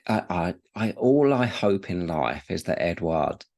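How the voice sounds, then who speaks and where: A man's voice: sits low, big pitch swings, a little slow, gravelly, a little mellow. A man co-hosting a casual football podcast, rambling and repeating himself as he talks, with the odd casual swear word. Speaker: podcast co-host.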